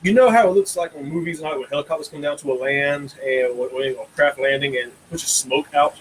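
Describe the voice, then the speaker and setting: A man from recounts a strange night with animated energy, stumbling over repeated words when excited. His voice sits a little high for a man. A faint background hiss runs under the talk. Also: a little fast, low-quality recording. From North Carolina. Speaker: guest co-host. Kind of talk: casual storytelling.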